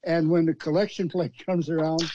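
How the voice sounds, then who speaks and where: A man calling in to a show, sarcastic and joking in a halting way. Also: a little high, little pitch movement, dark tone. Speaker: caller. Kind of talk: casual chat. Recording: dull line with faint noise.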